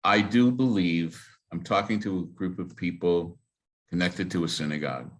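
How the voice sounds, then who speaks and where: A man's voice: low voice, moderate pace. A man, a rabbi, telling personal stories to a congregation in an earnest, emphatic way. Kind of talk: storytelling talk to a congregation.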